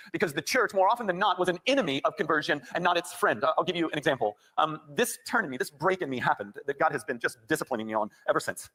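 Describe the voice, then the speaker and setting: A man delivers a sermon at a rushing clip, his voice sitting a little high. He spins a personal story, then climbs into fervent, shouted preaching. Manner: builds to impassioned shouting. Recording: sermon clip played back.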